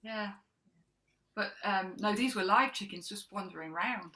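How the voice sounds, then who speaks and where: Woman, co-host; bright, giggly storyteller who trails off and restarts. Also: mid-range voice, normal speed, poor audio. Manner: laughs often, trails off and restarts. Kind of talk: casual chat.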